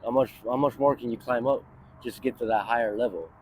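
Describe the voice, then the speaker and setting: A man's voice: medium pitch, fast, slight background noise. A man in his thirties telling a long story in a casual street interview, rambling, swearing often and leaning on "you know" and "like". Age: 30s. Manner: rambling, profane, many fillers like "you know". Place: outdoors on a city street near a bus stop.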